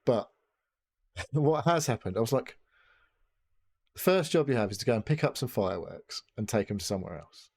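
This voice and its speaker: A man's voice: mid-range voice, animated, moderate pace, vocal fry, pauses often, a little mellow. A man hosting a podcast, chatting casually in a rambling, sweary way full of fillers and restarts. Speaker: podcast host. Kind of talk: casual chat.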